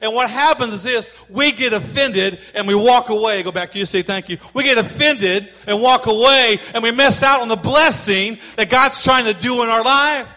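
A man preaching a sermon as pastor, emphatic and lively, building to shouted points with playful asides. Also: extremely high pitch, moderate pace, few pauses, long reverb tail.

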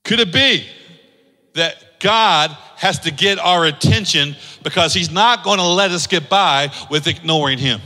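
A man's voice: a little high, unhurried, bright, forceful tone, big-room sound. A man preaching a sermon to his congregation. He stacks up rhetorical questions and rises into sing-song emphasis. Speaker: pastor.

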